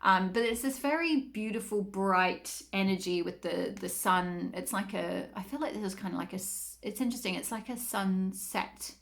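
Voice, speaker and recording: A woman's voice: mid-range voice, moderate pace, creaky, hardly any pauses, fairly bright tone. A woman giving a casual tarot reading to her viewers, chatty and rambling, with lots of fillers. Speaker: tarot reader.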